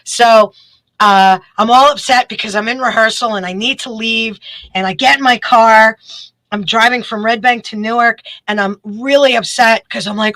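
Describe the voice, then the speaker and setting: A woman, a guest telling a story in casual chat, animated and quick. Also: a little high, dry recording, poor audio. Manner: animated, quick storytelling with bursts of acted quotes.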